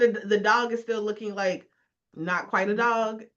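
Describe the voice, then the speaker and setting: A woman's voice: mid-range voice, moderate pace. A woman co-hosting a casual podcast chat, telling stories animatedly and acting out voices with laughter. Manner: animated storyteller who acts out voices with laughs. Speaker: podcast co-host. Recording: dull lo-fi recording.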